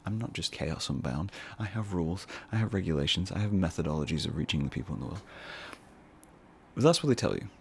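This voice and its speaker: A man with a deep, gravelly voice hosts a solo podcast. He muses in a loose, rambling way and drops self-mocking asides as he thinks out loud. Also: expressive, fast talker, a little hiss or hum. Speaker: podcast host. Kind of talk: casual solo podcast monologue.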